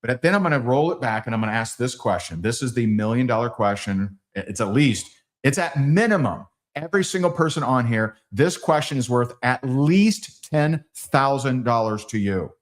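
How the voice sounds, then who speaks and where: A man in middle age runs a sales training with a lively, swooping delivery. He jumps into little acted scenes and his pitch sits right in the middle for a man. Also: moderate pace, few pauses. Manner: animated, acts out dialogues with big pitch swings.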